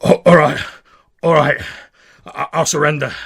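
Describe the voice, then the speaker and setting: A man voicing a wounded male bandit with a gruff, ragged, breathless voice. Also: a little high, fairly even intonation, moderate pace, fairly bright tone, voice pushed up, full character voice. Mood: ragged surrender.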